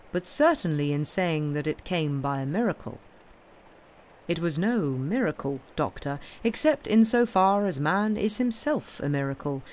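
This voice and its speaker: A woman reading the part of a mild, cheerful male priest detective who speaks quietly and pleasantly. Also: deep voice, a little hiss or hum.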